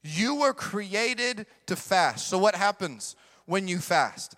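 Slowly and in a sing-song way, a middle-aged pastor preaches a sermon with emphatic force, repeating his key lines. His voice sits high and rings bright, and long reverb from a large hall follows each phrase.

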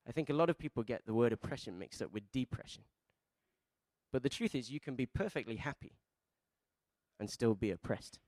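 Brief: male pastor, a mid-pitched voice, a dry close mic, preaching with question-led call-and-response. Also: dry recording. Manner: swings between soft, low asides and loud emphatic peaks. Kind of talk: sermon.

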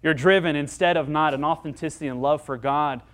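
A man preaching a sermon, his voice sitting a little higher than most men's. He is earnest and dynamic. He presses hard on key lines and then sinks to quiet, confiding ones. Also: a little fast. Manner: earnest, dynamic preaching that swings between emphatic and hushed. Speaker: pastor.

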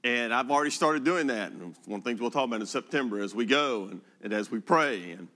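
A man's voice: medium pitch, expressive, fast talker, sharp tone. An older man, a pastor, delivering a sermon and telling folksy, humorous stories from his own life. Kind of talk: sermon storytelling.

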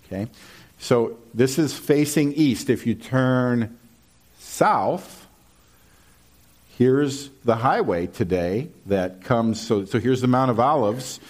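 A man preaching a sermon, reading scripture and explaining it conversationally, often checking in with "okay?". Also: slow. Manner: animated, lively pitch swings when quoting. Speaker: pastor.

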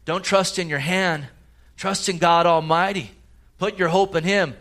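A man's voice: high-pitched, steady tone, unhurried, fairly bright tone. A man preaching a sermon as a pastor, emphatic and full of rhetorical questions. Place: church service.

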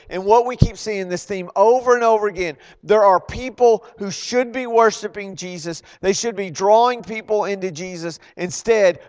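Male preacher, high voice, lively sermon delivery with emphatic bursts, quizzes the congregation. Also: smooth. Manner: animated, acts out quoted voices, loud emphatic bursts; asks the congregation questions.

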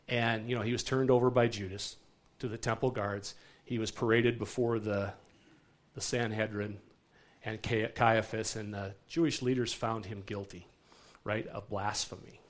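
A man preaching a sermon to a congregation in a church, in a relaxed, conversational way and often checking in with his listeners. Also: on the low side. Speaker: pastor.

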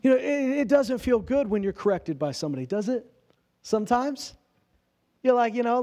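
A man's voice: very high voice, expressive, moderate pace, darkish tone. A man preaching a sermon in a conversational way, asking his listeners rhetorical questions and acting out quoted speech in everyday voices. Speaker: pastor.

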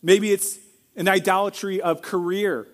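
A middle-aged man preaching a sermon as pastor, earnest and direct, now and then acting out quoted lines in a loud burst. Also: sits high, steady tone, measured pace.

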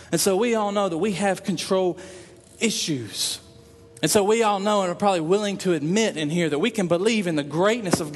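A man preaching a sermon in an earnest way, repeating phrases for emphasis and voicing prayers aloud. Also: high-pitched. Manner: earnest, repetitive emphasis, acts out prayers in quotes. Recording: long reverb in a hall.

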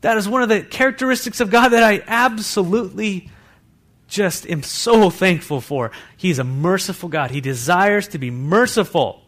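A pastor delivers an animated sermon to his church congregation, throwing in asides to the listeners. He has a high voice and speaks at a moderate pace.

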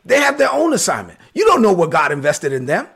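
Brooklyn-accented male preacher, husky and fairly high-pitched, animated storyteller. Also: a little fast. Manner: animated storyteller, acts out quotes, sudden shouts. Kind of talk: sermon-style storytelling. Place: livestream with chat.

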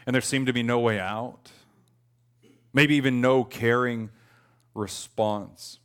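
A man's voice: mid-range voice, steady tone, slow pace, smooth. A man in his thirties preaching a conversational, earnest sermon, lifting his voice when he quotes a lament. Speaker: pastor.

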